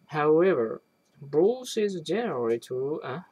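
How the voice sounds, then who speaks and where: A person reading an academic text aloud, halting often to restart and correct words. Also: medium pitch, big pitch swings, a little mellow, slightly rough, dry recording, rough recording. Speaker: reader.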